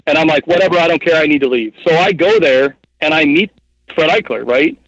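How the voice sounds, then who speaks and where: A man in his thirties, a podcast guest telling stories casually, rambling with lots of fillers in an animated way. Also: a little high, fairly quick, breathy edge, no room sound. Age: 30s. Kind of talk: casual storytelling interview. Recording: dull, muffled podcast audio.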